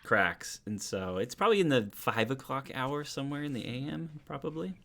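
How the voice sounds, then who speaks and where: A man narrating as game master of a tabletop game, relaxed and hesitant with fillers. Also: medium pitch, normal speed, gravelly.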